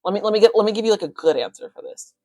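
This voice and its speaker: Coaching on a live stream from her phone, a young woman talks in a medium pitch on a dry recording. Her casual, meandering talk is thick with fillers and broken by brief flashes of excitement.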